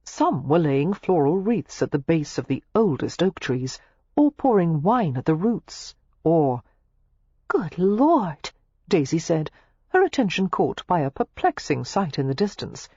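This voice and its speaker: A woman narrating a romance novel audiobook in an expressive, measured way. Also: low-pitched, breathy edge, dry recording. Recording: dry, slightly muffled lo-fi recording.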